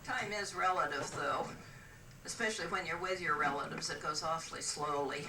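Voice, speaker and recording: A woman's voice: low voice, normal speed, noisy background. An older woman from the West Coast telling stand-up jokes in a dry, hesitant way with many "uh"s. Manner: dry, hesitant delivery with frequent "uh"s. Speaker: stand-up comic on a cruise. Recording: roomy, distant mic with ambience.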